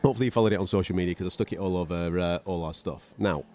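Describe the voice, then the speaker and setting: Fast-talking low-voiced man. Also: mellow. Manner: swears freely and mimics people in his anecdotes. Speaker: podcast co-host, boxing radio commentator. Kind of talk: casual storytelling chat.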